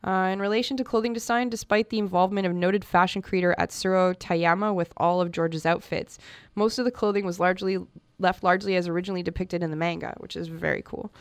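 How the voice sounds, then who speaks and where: Woman radio host gushing about comics, smooth clear voice, dry studio sound. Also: lowish voice, fairly even intonation, fast talker, no room sound. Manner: chatty and enthusiastic, with restarts and fillers.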